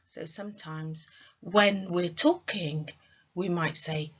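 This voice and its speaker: Woman, online tutor, unhurried quizzing delivery, lowish pitch, lo-fi sound. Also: a bit bright, slight background noise. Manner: slow, clear teacher's delivery with quizzing questions. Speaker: English tutor. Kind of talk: online English lesson.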